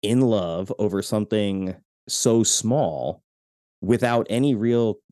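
A man hosts a casual movie podcast, talking in a low, warm, mellow voice that sits close and dry on the mic. He is lively and laughs easily, and slips into acted voices when quoting scenes. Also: slow, no echo. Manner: animated, laughs often, acts out quotes. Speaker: podcast host. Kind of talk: casual film discussion.

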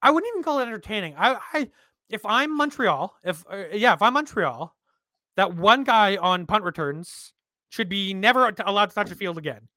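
A man's voice: high-pitched, normal speed, no echo. A man co-hosting a casual sports podcast, talking bluntly and with swearing. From Canada. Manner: animated, blunt, swears freely. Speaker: podcast co-host.

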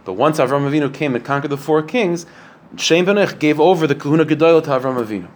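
A man's voice: on the high side, fast. A man giving a Torah lecture to a class, earnest and explanatory, posing rhetorical questions and using many fillers. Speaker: rabbi teaching a class.

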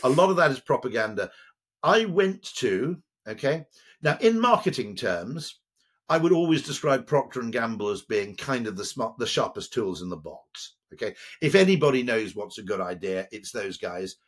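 An older British man talking in a lively, rambling way as a podcast guest, often checking in with "okay?". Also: mid-range voice, moderate pace, breathy edge. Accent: British English. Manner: animated, digressive, tags lines with "okay?". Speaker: guest, advertising executive.

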